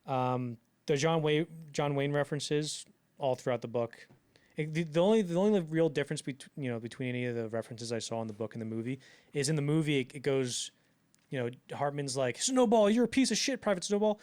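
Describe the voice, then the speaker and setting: Young guy cohosting a podcast, chatty and animated, middle pitch, podcast mic. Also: fairly quick, clean tone. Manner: animated, acts out quotes in bursts, many fillers. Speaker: podcast co-host. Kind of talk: casual podcast chat.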